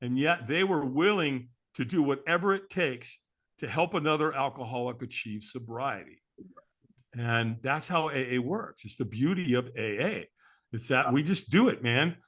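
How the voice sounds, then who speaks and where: A man's voice: mid-range voice, expressive, normal speed, fairly bright tone. A man telling a personal story as an interview guest, in a candid, earnest way, often adding "man".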